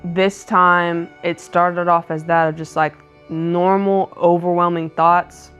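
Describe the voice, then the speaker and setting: A young woman telling a personal story softly and hesitantly, with many fillers, in a casual chat. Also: fairly low pitch, level tone, slow pace, soft background music. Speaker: wife co-host of couple's channel.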